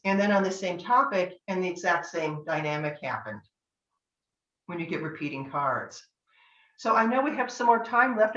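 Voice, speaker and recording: An older woman from Northern California teaches tarot in an online master class, her medium-pitched voice fairly bright in tone. She's chatty and anecdotal and acts out bits of dialogue, while the recording sounds echoey, distant, and dull lo-fi.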